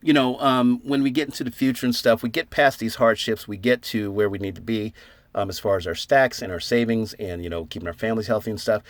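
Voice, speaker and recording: On his relaxed silver stacking vlog, the host laughs his way through a made-up, jokey story and voices the dialogue himself. He has a fairly low pitch and a quick pace, recorded with no room sound.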